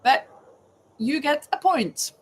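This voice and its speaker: A woman's voice: high-pitched, animated, slow, rough recording. A woman hosting a casual live chat, reading trivia questions aloud and greeting viewers by name. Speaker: livestream host running a trivia quiz.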